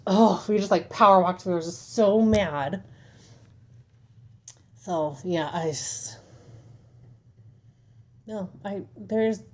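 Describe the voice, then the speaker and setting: A young woman venting casually to the camera at home, frustrated and exasperated as she retells an argument. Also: medium pitch. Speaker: vlogger. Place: home, at a table.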